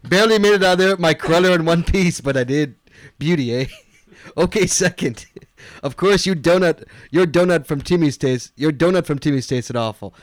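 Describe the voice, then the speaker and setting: A man's voice: on the high side, moderate pace, no room sound, lightly acted. A man reading a listener's email in a put-on mock Canadian accent, voicing a cheeky, chatty Canadian writer who keeps adding "eh". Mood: teasing. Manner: jokey, teasing, heavy on "eh".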